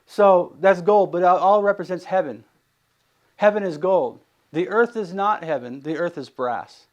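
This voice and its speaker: A man's voice: sits high, unhurried, lo-fi sound. A man giving a casual sermon, asking his listeners questions and acting out the people in the story. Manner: animated, asks rhetorical questions, acts out quotes. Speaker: preacher.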